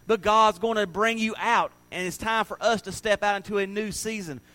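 High-voiced pastor preaching. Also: male voice, steady tone, normal speed, sharp tone, rough recording. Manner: conversational, emphatic, joking with the congregation. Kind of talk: sermon.

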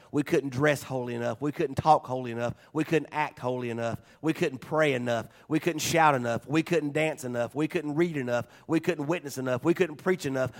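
A man preaching a sermon as pastor, swinging between loud declarations and quiet, conversational asides. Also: fairly high pitch.

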